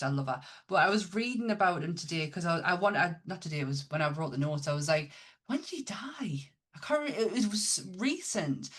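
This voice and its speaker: A woman's voice: lowish voice, fairly bright tone. A woman co-hosting a podcast, chatting enthusiastically about films with lots of restarts. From Northern England. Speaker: podcast co-host. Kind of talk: casual chat.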